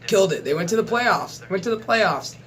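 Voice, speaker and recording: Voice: mid-range voice, lively intonation, a little fast, a bit bright. A channel host in a casual, rambling sports chat to camera, swearing freely and chuckling often.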